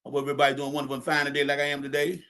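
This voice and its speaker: A man hosts a home livestream and rants to his chat, repeating himself, cussing freely and calling everyone y'all. His voice sits a bit high for a man. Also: completely flat delivery, racing, pushed and bright. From St. Louis, USA. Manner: loose, repetitive, profane, addresses chat as y'all. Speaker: livestream podcast host. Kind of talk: casual political rant to live chat.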